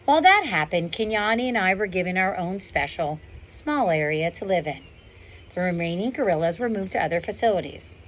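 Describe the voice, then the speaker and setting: Woman reading a proud silverback gorilla with dry wit, low-voiced, storybook tone, faint wind behind. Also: animated, fairly quick, lightly acted. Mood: wry. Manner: wry, understated storybook narration. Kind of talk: reading a novel aloud. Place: outdoors on a windy day.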